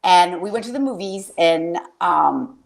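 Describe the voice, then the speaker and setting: A woman's voice: lowish voice, animated, a little slow, creaky. A woman hosting a casual podcast chat, rambling through stories, swearing freely and getting emotional. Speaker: podcast host.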